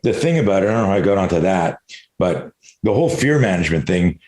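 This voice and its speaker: A man's voice: sits low, big pitch swings, fast talker, darkish tone. A middle-aged man, a self-defense expert, telling a candid personal story as a podcast guest, swearing freely and acting out his own inner dialogue. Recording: echoey room.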